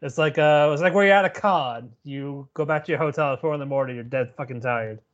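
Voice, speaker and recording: A man in a casual anime podcast, summing up an episode with rambling, filler-heavy talk. His voice sits a bit higher than most men's. The recording is somewhat dull and lo-fi. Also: a little fast. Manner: rambling, filler-heavy, acts out character lines. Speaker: podcast co-host.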